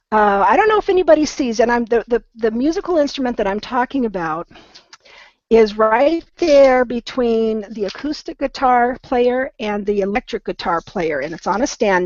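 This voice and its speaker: A woman's voice: on the high side, darkish tone, no echo. Patient woman teaching English pronunciation. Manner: patient, encouraging, slows down to model words. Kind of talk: online pronunciation lesson. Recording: dull, slightly lo-fi sound.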